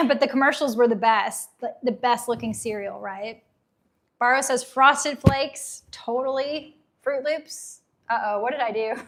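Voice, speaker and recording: A woman in her thirties hosts a live unboxing stream, chatting casually and reading viewer comments aloud with nostalgic enthusiasm. Her fairly high, slightly bright voice is unhurried but getting a little hoarse as she loses it.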